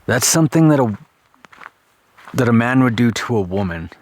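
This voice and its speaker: A man with an average-pitched voice wanders through an abandoned mining town and the empty houses around it. He talks out loud to spirits he cannot see, asking them questions in a casual, searching tone. He swears every so often. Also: lively intonation, moderate pace. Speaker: paranormal investigator. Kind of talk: ghost hunting vlog. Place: abandoned ghost town, outdoors and in old houses.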